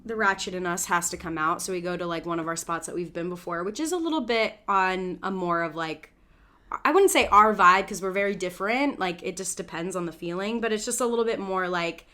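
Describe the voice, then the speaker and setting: A woman co-hosting a podcast, chatting casually and telling a lively, profane story with acted-out voices for the people in it. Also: fairly low pitch, fairly quick. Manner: animated storyteller, swears freely, acts out quoted people. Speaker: podcast co-host. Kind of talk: casual chat.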